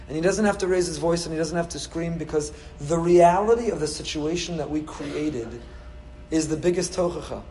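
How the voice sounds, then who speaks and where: A man, a rabbi, delivering a sermon full of rhetorical questions and repetition, with sharp swings between loud and soft. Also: fairly high pitch, reverberant, slight background noise, rough recording. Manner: storytelling, acts out quoted voices.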